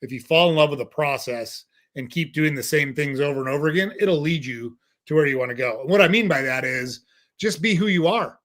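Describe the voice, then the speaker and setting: Blunt, animated man telling stories. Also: fairly high pitch, fairly quick. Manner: blunt, profane, animated storyteller. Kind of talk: casual conversational storytelling.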